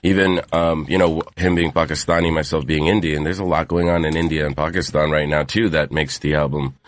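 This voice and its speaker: A man with a deep bass voice, a musician guest speaking in a measured, thoughtful way in a casual radio interview. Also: level tone, dry recording.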